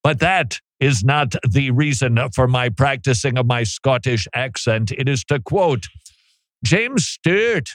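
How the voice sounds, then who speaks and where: A man's voice: medium pitch, unhurried, hardly any pauses, no room sound. A man hosting a radio program, talking in a casual, joking way and laughing often. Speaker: radio host.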